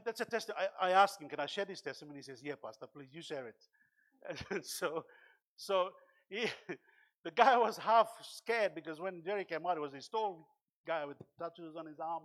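Pastor preaching in church, man, high voice, passionate bursts. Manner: impassioned preaching with sudden loud bursts and exclaimed hallelujahs. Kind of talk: sermon.

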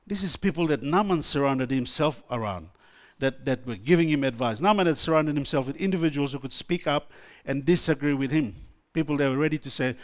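A man's voice: medium pitch, brisk, hardly any pauses. A man preaching a sermon, reading Bible verses aloud and stopping to explain them, with restarts and exclamations along the way.

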